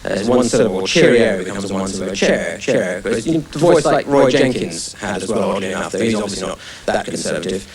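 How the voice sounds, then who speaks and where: A man's voice: on the low side, animated, fast talker, hardly any pauses. A male stand-up comedian chatting with the audience in a rambling, self-deprecating way, full of restarts, on a TV studio stage. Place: TV studio stage under hot lights. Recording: echoey studio, distant mic. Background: studio audience laughing.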